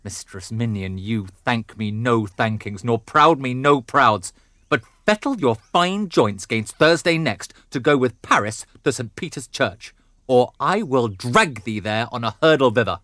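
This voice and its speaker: A man's voice: mid-range voice, animated, measured pace, dry recording. Brief: actor as a middle-aged noble father in a rage, mid-range voice, dry studio sound. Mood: raging. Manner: blustering, swings from growls to shouts. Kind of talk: classical stage drama.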